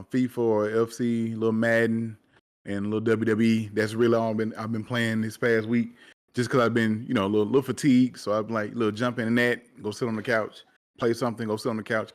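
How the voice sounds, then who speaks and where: A tired man chatting casually as a podcast co-host, easygoing and relaxed. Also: fairly low pitch, quick pace.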